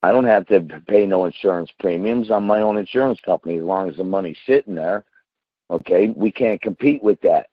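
A man's voice: fairly low pitch, fairly quick, phone-quality sound. A man talking as a trucker in casual chat, blunt and emphatic, often checking with "okay?". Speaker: owner-operator trucker, caller.

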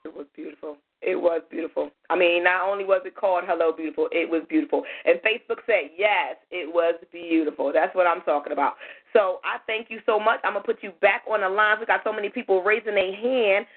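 A woman hosting a call-in radio show, chatty and lively, thanking callers and a little hoarse from losing her voice. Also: fairly low pitch, a little fast. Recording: tinny phone-line audio.

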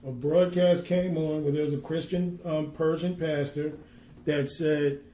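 A man's voice: a little high, fairly even intonation, mellow, a little hiss or hum. Earnest male minister in an echoey room. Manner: tells a story earnestly, then reads scripture slowly and emphatically. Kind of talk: preaching and storytelling on a podcast.

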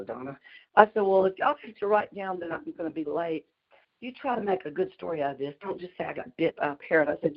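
Fast-talking woman, low voice. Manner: fast-talking, chatty, laughs mid-sentence. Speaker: community call participant. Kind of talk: casual storytelling on a group call. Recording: dull lo-fi call audio.

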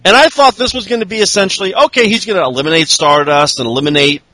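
A man's voice: high voice, quick pace, bright, forceful tone, no echo, poor audio. A man hosting a podcast, recapping wrestling in a crude, profane, rambling way and slipping into mocking voices. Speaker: podcast host. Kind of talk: casual crude comedic recap chat.

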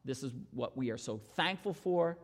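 A man's voice: mid-range voice, expressive, moderate pace, vocal fry. A male pastor preaching an earnest sermon and telling stories to his congregation in a church. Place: church sanctuary. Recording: long reverb in church hall.

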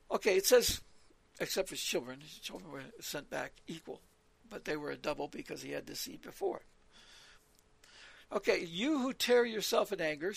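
A man's voice: fairly high pitch, creaky, fairly bright tone, slightly rough, dry recording. A man giving an earnest Bible teaching in a sermon style, reading verses aloud and often repeating his words. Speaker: preacher.

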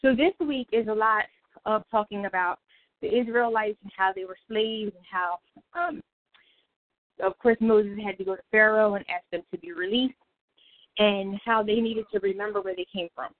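A woman's voice: mid-range voice, steady tone, moderate pace. Woman running a prayer call, chatty and laughy, sounds like a phone line. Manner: chatty, laughs often, self-interrupting. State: out of breath. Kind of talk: casual Bible study talk.

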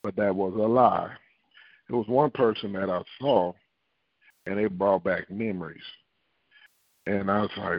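A man prays and preaches in a low, fervent voice, repeating his phrases. The sound is dry and muffled, like a call-in line. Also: steady tone, unhurried, pauses often, dry recording. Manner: fervent, repetitive prayer with tongues. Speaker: prophet and preacher. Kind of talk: prayer and sermon on a phone line.

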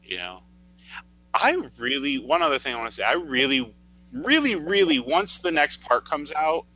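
A man in podcast chat with a very sharp, tense tone and a lively pitch. He speaks earnestly and deliberately, repeating words for emphasis. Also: soft background music, rough recording. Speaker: podcast co-host. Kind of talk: casual chat.

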